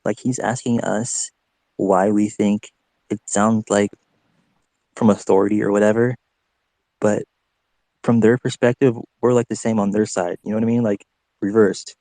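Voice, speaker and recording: A man's voice: on the low side, flat delivery, normal speed, pauses often, warm tone, no room sound. A man hosting a casual chat, rambling and restarting, often checking he is understood. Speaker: podcast host.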